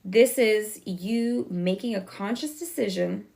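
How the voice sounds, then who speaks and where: Woman tarot reader, casual and reassuring, rushes her words, slight vocal fry. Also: medium pitch, darkish tone. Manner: talks fast, self-correcting, chatty and reassuring. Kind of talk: casual tarot reading to viewers.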